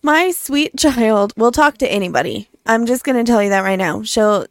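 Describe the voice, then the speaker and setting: A woman's voice: fairly high pitch, lively intonation, no room sound. Chatty woman telling a story. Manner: quick, chatty storyteller with laughs. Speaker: podcast co-host. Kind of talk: casual storytelling chat.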